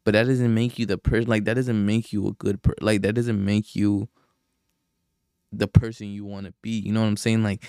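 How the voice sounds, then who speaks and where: A man's voice: lowish voice, level tone, moderate pace, darkish tone, smooth, no room sound, clean studio sound. A young man hosting a podcast, rambling in a casual rant full of profanity, sighs and fillers. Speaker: podcast host.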